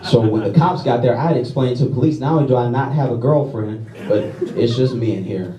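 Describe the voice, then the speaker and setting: A man's voice: mid-range voice, fairly quick. A man from Louisiana doing a stand-up comedy set, self-deprecating, tagging his lines with "all right?" and "okay?". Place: comedy club stage before a laughing audience. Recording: roomy, distant club recording with crowd.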